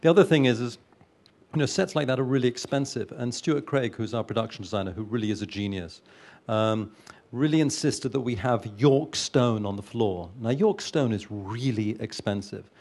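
Producer guy talking earnestly, lots of ums and restarts, middle pitch. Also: moderate pace, darkish tone. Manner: earnest, hesitant, many restarts. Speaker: film producer. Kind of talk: interview answers.

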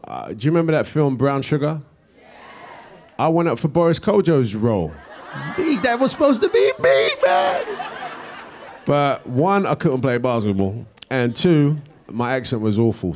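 A middle-aged British man, an actor, answering audience questions in a relaxed, rambling way with many restarts and fillers. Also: medium pitch. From England. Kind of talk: casual Q&A answers.

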